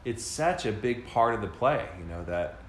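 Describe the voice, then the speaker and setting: A man's voice: medium pitch, lively intonation, normal speed, a bit bright. A man co-hosting a podcast, explaining at length in a casual way with many fillers and restarts. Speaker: podcast co-host. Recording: echoey room, faint background noise.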